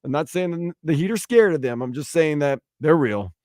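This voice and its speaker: A man hosting sports talk radio, bantering and joking in a lively way. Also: on the high side, moderate pace, no room sound, studio quality. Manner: animated, jokey, puts on silly voices for stories. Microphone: studio microphone.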